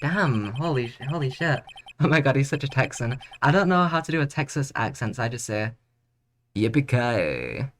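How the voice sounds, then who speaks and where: A young man streaming a game, joking and reacting in a chatty, excitable way. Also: mid-range voice, brisk. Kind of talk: let's play commentary. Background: game music.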